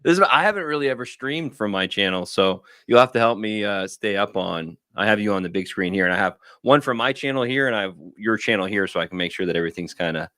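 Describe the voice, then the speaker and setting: A man in his thirties, a guest on a livestream video call, telling stories in an animated, rambling way. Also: lowish voice, fast, few pauses, no echo, studio quality. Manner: animated, rambling storytelling with acted-out quotes. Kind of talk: casual talk on a livestream.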